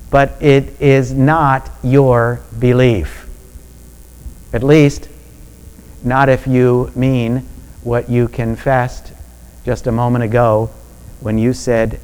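A man preaching a sermon in a measured, deliberate way that builds to emphatic peaks. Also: medium pitch, a little mellow, clear, resonant tone, poor audio. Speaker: pastor.

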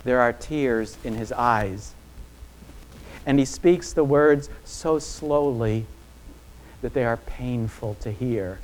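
Pastor, male, mid-pitched voice, delivers a sermon full of rhetorical questions. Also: slow pace, a little hiss or hum. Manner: asks many rhetorical questions, drops low and quiet on key phrases.

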